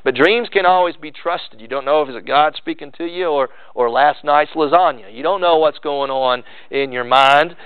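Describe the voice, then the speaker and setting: A man delivers a sermon, building earnest emphasis and then dropping into relaxed, conversational asides. His voice sits slightly high. The sound is dry and narrow, like it's coming down a phone line. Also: moderate pace, hardly any pauses, clear, resonant tone, dry recording. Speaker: pastor.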